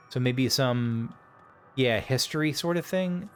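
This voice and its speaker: A man's voice: medium pitch, slow, faint music behind. Tired, rambling gamer man. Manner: rambling, hesitant, self-correcting. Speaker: let's play host. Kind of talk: casual gameplay commentary.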